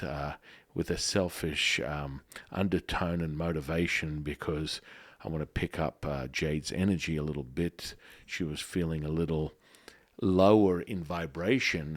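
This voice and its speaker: Deep-voiced man, playful spiritual host. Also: no echo. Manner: playful, drifts into joking put-on slang. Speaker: podcast co-host and Taoist teacher. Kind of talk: casual spiritual podcast chat.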